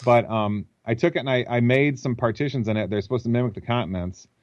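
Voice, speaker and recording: A man's voice: medium pitch, fast talker, no room sound, lo-fi sound. A man as an interview guest, thinking aloud and explaining at length over a computer call. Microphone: computer mic.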